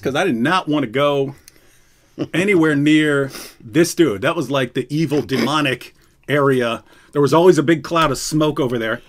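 Male host, slightly high voice, loose story-telling chat, laughs as he goes. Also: normal speed. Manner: laughing, animated storyteller with many restarts. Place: indoors, live stream.

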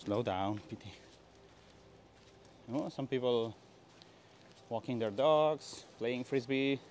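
A man's voice: mid-range voice, slow pace, a little hiss or hum. Chatty man on a seaside walk. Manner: relaxed, chatty, talks to his dog. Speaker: travel vlogger. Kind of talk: casual walking vlog narration. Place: outdoors on a beach promenade. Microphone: 360 camera held while walking a dog.

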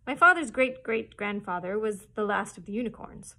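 A woman's voice: mid-range voice, expressive, normal speed, sharp tone. A woman voicing a shy, courteous two-headed creature in a storybook read-aloud. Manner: timid, courteous.

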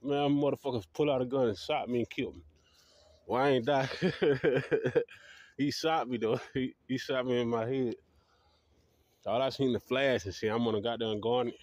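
A man's voice: mid-range voice, normal speed, a little mellow, no room sound, lo-fi sound. A man telling his dream stories in a rambling, profane monologue, laughing at his own tales. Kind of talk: casual storytelling monologue.

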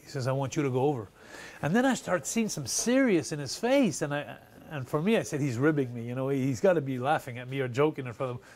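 A Canadian man, a retired pro wrestler, telling stories in an animated interview and acting out the people he quotes. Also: medium pitch, fast. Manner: excited, laughing storyteller who acts out quotes.

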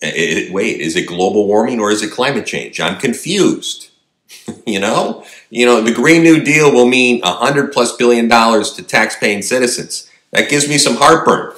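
A man's voice: medium pitch, moderate pace, fairly bright tone, echoey room. A man delivering an emphatic opinion monologue, firing rhetorical questions at his audience. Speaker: political commentator.

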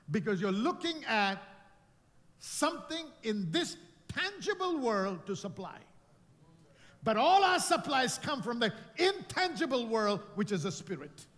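Preaching pastor, lively and echoing. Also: male voice, a little slow. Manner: rising to shouted declarations, then dropping to low emphatic lines. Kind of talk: preaching a sermon. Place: church sanctuary.

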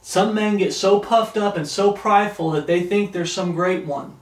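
A man preaching a sermon in a fairly high voice. He stretches out the scripture verses with emphasis and then comments on them bluntly, and he sounds a little far from the mic in a roomy echo. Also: normal speed.

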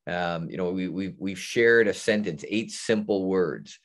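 A man's voice: sits low, measured pace. A man presenting on a webinar, talking with his hands and acting out example sentences as he explains over a video call. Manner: animated hand talker, acts out example sentences. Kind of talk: explanatory panel talk.

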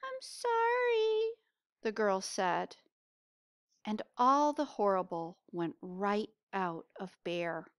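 A woman reading a picture book aloud to children, pausing to ask them questions. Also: medium pitch, clean tone, dry recording, studio quality. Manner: asks listeners questions, expressive. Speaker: storybook reader.

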